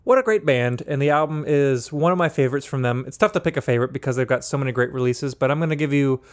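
A man co-hosting a music podcast, talking in a casual, hesitant way with many pauses and restarts. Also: medium pitch. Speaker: podcast co-host. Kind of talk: casual chat.

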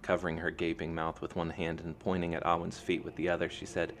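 A man narrating a fantasy novel as an audiobook, in a calm, even storytelling manner. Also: sits low, fairly quick, few pauses, faint music behind.

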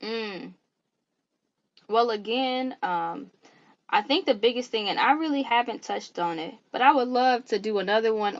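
A woman's voice: medium pitch, dull audio. Earnest, preacherly woman on a podcast. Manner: earnest, preacherly, animated storytelling. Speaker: podcast guest. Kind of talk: faith-based podcast conversation.

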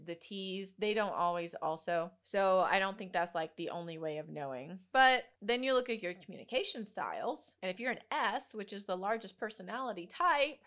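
Woman host, young adult, animated storyteller, laughs a lot, bright lively delivery. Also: medium pitch, normal speed, few pauses. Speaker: podcast host. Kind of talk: casual solo podcast talk.

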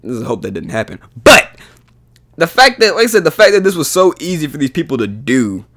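A man's voice: a little high, very animated, a little fast, fairly bright tone. A man hosting a podcast, ranting in a profane, exasperated way, his voice jumping up when he gets heated. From United States. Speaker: podcast host. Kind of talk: solo podcast rant.

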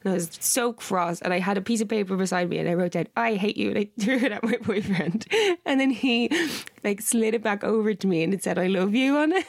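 A woman's voice: mid-range voice, fairly quick, few pauses, no echo. A woman co-hosting a podcast, telling a long personal story in a chatty way and quoting herself and others. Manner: chatty anecdote-teller who quotes herself and others. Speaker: podcast co-host. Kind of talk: casual chat.

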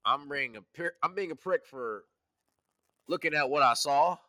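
A laid-back man from California teasing his co-host in casual, profane chat. His voice is bright and clear, recorded dry and close. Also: a little high, normal speed, no echo. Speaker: podcast co-host.

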